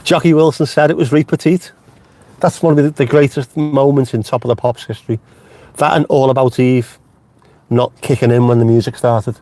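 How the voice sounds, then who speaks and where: A middle-aged man talks from his car in a casual live stream, rambling from one joke to the next. His voice sits at an ordinary middle pitch, and he swears freely. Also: steady tone, fairly quick, dark tone. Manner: chatty, swears freely, jokey tangents. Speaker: vlogger host. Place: inside a car.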